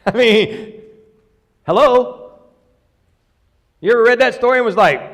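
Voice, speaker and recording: A man preaching a sermon in a church, talking in a lively, conversational way and joking with the congregation. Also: very high-pitched, takes it slowly, long pauses, in a large hall. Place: church sanctuary.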